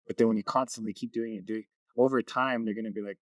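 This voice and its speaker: A man's voice: on the low side, steady tone, fast talker, no echo. A man, a community knowledge keeper, talking easily in an interview and telling stories. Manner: easygoing storyteller. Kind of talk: casual interview talk.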